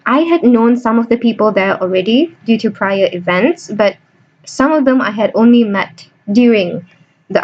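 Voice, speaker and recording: A woman's voice: fairly high pitch, a little mellow. A young woman hosting a casual interview, chatty and joking. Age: young adult. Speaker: host. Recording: dull lo-fi recording.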